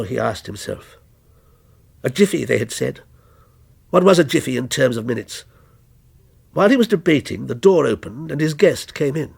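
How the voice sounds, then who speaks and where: Gravelly male storyteller. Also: mid-range voice, big pitch swings, a little mellow. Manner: measured, dramatic storytelling. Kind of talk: reading a short story aloud.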